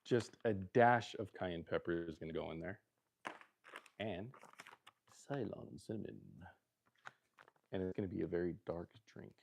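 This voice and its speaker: A middle-aged man from Southern California rambles through a casual livestream in his home kitchen, joking as he goes. His voice sits a little low, with a mellow, relaxed tone. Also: unhurried, gravelly, long pauses, a little hiss or hum. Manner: loose, rambling and jokey. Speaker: livestream host. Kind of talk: casual livestream chat while cooking.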